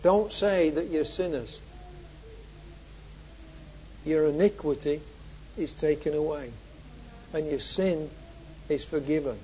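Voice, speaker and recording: A man preaching a sermon, moving from soft reflective passages to loud, emphatic repeated phrases. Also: a little high, takes it slowly, pauses often, breathy edge. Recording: dull lo-fi sound.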